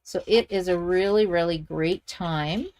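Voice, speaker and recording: A woman's voice: on the low side, measured pace, darkish tone. A middle-aged woman from Canada hosting a live card-making tutorial, chatting and thinking aloud as she works and reads viewer comments. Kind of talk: live-streamed stamping tutorial.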